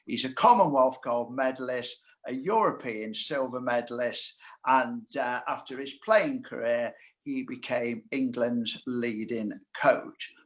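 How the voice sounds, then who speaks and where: A man from Scotland hosts a club evening Q&A, introducing guests and asking questions. He speaks at a middle pitch for a man, often pausing on an "uh" between phrases. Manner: introduces guests with frequent uh fillers. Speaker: host of club Q&A. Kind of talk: hosting a live Q&A.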